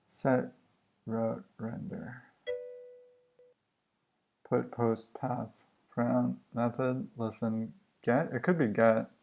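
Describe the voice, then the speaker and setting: Slow, gravelly man thinking aloud. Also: medium pitch, steady tone, a little mellow, soft background music. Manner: musing, halting, self-questioning. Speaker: livestream coder. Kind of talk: thinking aloud while live coding.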